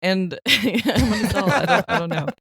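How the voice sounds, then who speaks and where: A woman's voice: medium pitch, moderate pace, husky, dry recording. A woman co-hosting a podcast, telling stories in casual chat and giggling often. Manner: giggly, storytelling, expressive. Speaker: podcast co-host.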